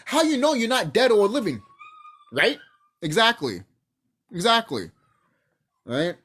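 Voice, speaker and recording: Speaking to camera with no script, a channel host vents in a heated, expletive-filled rant. The voice, slightly rough, ranges widely in pitch, and sentences frequently stop and start over mid-thought while the speaker drives a point home.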